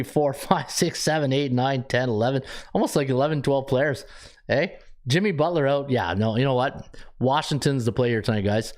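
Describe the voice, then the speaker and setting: A man hosting a sports betting podcast in casual chat, rambling and excitable, ranting in bursts and laughing at his own lines. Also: mid-range voice. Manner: ranting, with many restarts.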